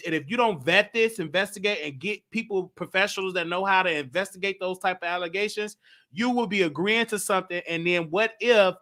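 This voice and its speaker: A man with a high, bright voice and a forceful tone hosts a show, casually reflecting on an old broadcast. He rambles a bit, keeps restarting and correcting his sentences, and reads viewer comments aloud.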